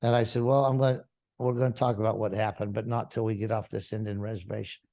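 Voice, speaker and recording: A man's voice: fairly low pitch, flat delivery, fast, creaky, dark tone. A male pastor giving a testimony to a congregation, retelling a story and acting out the dialogue.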